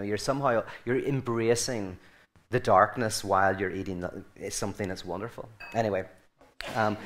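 Rambling Irish man giving a talk. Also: medium pitch. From Ireland. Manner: rambling, self-correcting, joking. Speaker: guest speaker. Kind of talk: informal talk to a group.

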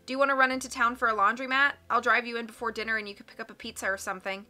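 Friendly young woman detective voiced by a female reader, bright, a bit high. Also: steady tone, very fast. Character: young woman sleuth, curious and helpful.

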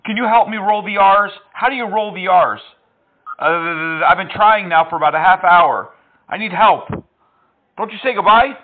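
A man's voice: high voice, normal speed. A man making prank phone calls, talking in a mocking, teasing, playful way. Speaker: prank caller. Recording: tinny phone line.

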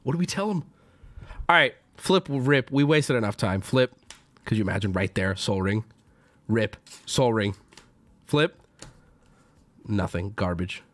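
A man streaming casually and answering his chat, excitable, swearing freely and jumping into loud outbursts. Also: on the low side, a little slow, pauses often. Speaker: streamer opening card packs.

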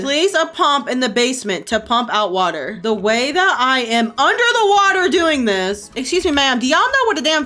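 A young woman streamer giving casual gameplay commentary, excitable, gasping and swearing freely. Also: high voice, moderate pace, few pauses, soft background music.

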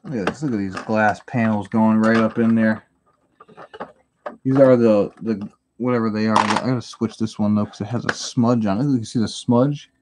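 A man's voice: fairly low pitch, fairly even intonation, normal speed. A man hosting a live stream, chatting casually and rambling through answers to chat messages while he builds at home. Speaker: livestream host. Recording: noisy home stream audio.

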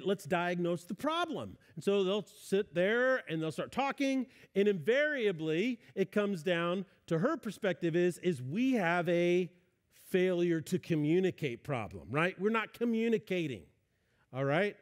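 High-voiced man preaching conversationally. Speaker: pastor. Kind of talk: sermon.

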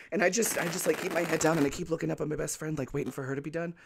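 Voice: medium pitch, fairly even intonation, fast, vocal fry, fairly bright tone, a little hiss or hum. A podcast co-host telling a story in casual chat, acting out quotes and laughing often.

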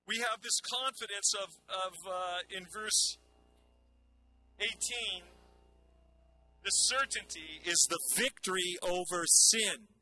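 A man's voice: high voice, bright, forceful tone, slight background noise, rough recording. A man pastor preaching a conversational sermon, repeating phrases for emphasis.

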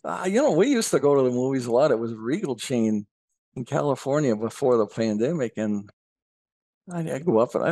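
A man's voice: mid-range voice, lively intonation, brisk, mellow, no room sound, clean studio sound. A man as a podcast guest, chatting casually about history and politics and telling jokes in an easygoing way.

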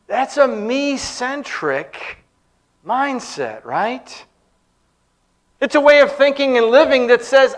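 A man's voice: very high voice, sing-song, slow pace, long pauses. A man preaching a sermon in church, telling stories and humorous anecdotes.

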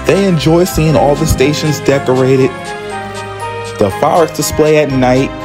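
A man giving scripted storybook narration in an expressive way. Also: on the high side, moderate pace, music in the background. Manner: expressive, performs all the characters.

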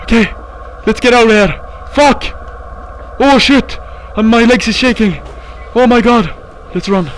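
Panicky high-voiced young man screaming. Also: unhurried, slight background noise. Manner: panicky, swears and screams often. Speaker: gaming YouTuber. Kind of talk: horror game playthrough commentary.

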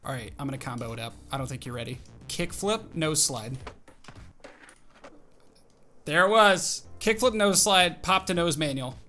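A young man giving excited, animated commentary on his own gameplay, calling out tricks and reacting aloud. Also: on the high side, normal speed, long pauses, faint music behind. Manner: animated, exclaims and narrates tricks to himself. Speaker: gaming video host.

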